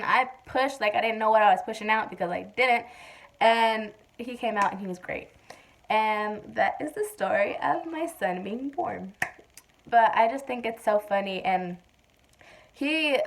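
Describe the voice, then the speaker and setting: A young woman vlogger casually telling a personal story to the camera, chatty and full of fillers, acting out quotes loudly. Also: on the high side, normal speed.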